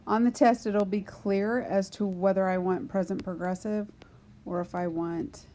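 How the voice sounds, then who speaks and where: Slow, patient woman teaching grammar. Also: medium pitch, fairly even intonation, mellow, slight background noise. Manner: slow, patient explaining, talking to herself while writing. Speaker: Spanish teacher. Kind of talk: recorded grammar lesson, writing on a board.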